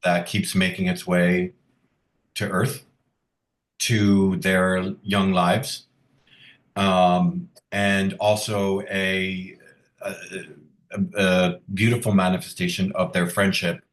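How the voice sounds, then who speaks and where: A man in his fifties with a very deep voice speaks earnestly and thoughtfully, pausing to search for words. His voice sounds roomy, as if picked up in an open space on a video call. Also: flat delivery. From Long Island, New York. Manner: thoughtful, earnest, halting with fillers. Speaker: author guest. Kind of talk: reflective conversational interview.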